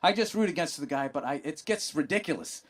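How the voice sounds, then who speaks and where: A man hosting a podcast, swearing constantly and bursting into excited yelling during a comedic rant about sports. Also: on the high side, quick pace, husky. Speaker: podcast host.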